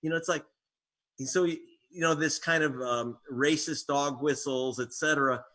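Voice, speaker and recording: A man's voice: on the high side, steady tone, normal speed, fairly bright tone. A man, an investigative reporter and author, being interviewed as a guest, talking in a wry storytelling way with sarcastic jabs. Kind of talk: interview conversation.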